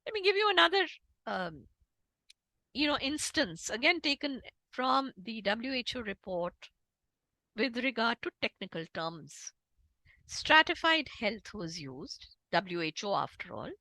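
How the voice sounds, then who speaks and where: A woman's voice: fairly high pitch, unhurried, no room sound, rough recording. A woman with an Indian English accent giving an emphatic talk on interpreting as a guest speaker. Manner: emphatic, animated lecturing with demonstrations. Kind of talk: online talk.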